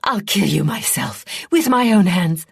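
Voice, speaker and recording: Lady doing a hoarse screaming princess, raging, way up high, audiobook. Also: lively intonation, a little slow, no room sound, studio quality, heavily acted. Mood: enraged screaming. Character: furious weakened young princess, shrieking.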